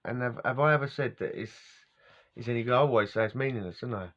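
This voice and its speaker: A man's voice: mid-range voice, fast talker. A middle-aged man, telling rambling personal stories as a vlogger, casual and wandering, laughing often and losing his words. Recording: dull lo-fi recording.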